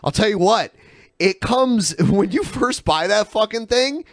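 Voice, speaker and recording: A man hosting a casual podcast, ranting excitedly and swearing often. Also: high voice, unhurried, no echo, clean studio sound. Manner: profane, excitable rants. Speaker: podcast host.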